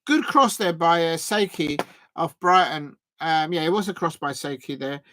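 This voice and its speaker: A man's voice: fairly high pitch, moderate pace, sharp tone, slight background noise. A man hosting a live fan watch-along, commentating casually with many fillers and restarts and chatting with viewers. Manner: chatty, reads out and thanks viewers. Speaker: fan stream host.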